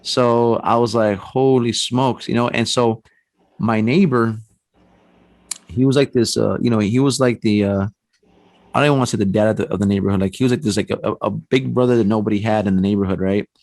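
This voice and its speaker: A man telling a personal ghost story on a podcast, animated and acting out the voices in his tale. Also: lowish voice, a little fast, creaky, no echo. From San Antonio, Texas. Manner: animated storyteller, acts out quotes, frequent restarts and "man". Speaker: paranormal investigator guest.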